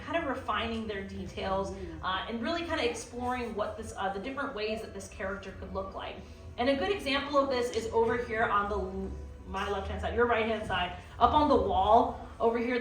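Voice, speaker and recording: A woman's voice: fairly high pitch, a bit bright. A young woman who teaches art, leading a live drawing class, chatty and playful, with lots of fillers. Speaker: art instructor. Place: theme park art classroom with audience. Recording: echoey room from far off.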